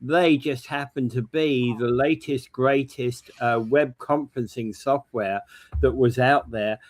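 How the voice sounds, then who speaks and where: A man's voice: mid-range voice, steady tone, unhurried. A man co-hosting a morning talk show, explaining technology in a casual, informative way. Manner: explanatory, tech-minded. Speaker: co-host. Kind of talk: casual chat.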